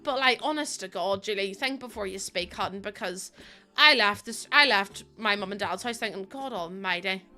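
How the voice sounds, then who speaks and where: A streamer with a Northern Irish accent chats casually to her viewers while building in a game, laughing often. Her voice is medium-pitched and sharp in tone at a moderate pace, with soft music playing in the background.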